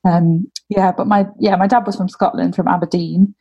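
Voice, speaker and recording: A woman's voice: lowish voice, fairly even intonation, moderate pace, warm tone, husky, muffled recording. A young woman talking casually about her family, rambling with lots of "like" fillers. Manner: rambling, heavy use of "like" fillers. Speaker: interviewee. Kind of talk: casual conversation.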